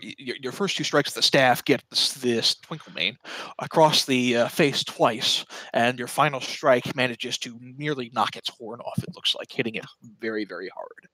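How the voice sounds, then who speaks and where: A man's voice: medium pitch, a bit bright, no echo, poor audio. A man narrating a tabletop game as game master in a casual, hesitant way, with fillers.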